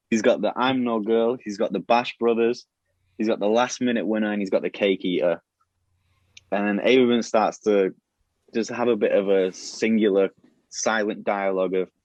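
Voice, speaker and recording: A man's voice: fairly low pitch, a little mellow, no room sound. A man on a podcast casually retelling a plot idea, rambling with many restarts and fillers. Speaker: podcast host pitching a show plot. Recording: dull, lo-fi and dry.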